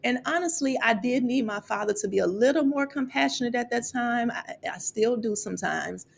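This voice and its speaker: A woman's voice: a little high, animated, a little fast, creaky, slight background noise. A middle-aged woman from Chicago candidly recounting her college years, getting emotional and repeating words as she talks. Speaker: college financial aid vlogger. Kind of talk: personal storytelling to camera.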